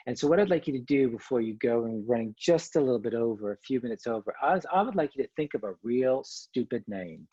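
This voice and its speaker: Guy leading an online workshop, joking around, husky-ish, muffled call audio. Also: mid-range voice, no echo. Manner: lively, joking, coaxing the audience. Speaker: workshop speaker. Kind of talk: online conference talk.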